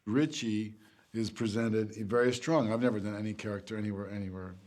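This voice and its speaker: A man, an actor, talking in a reflective, measured way about building a character and an accent. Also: on the low side, fairly even intonation, a little mellow. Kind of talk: interview for a featurette.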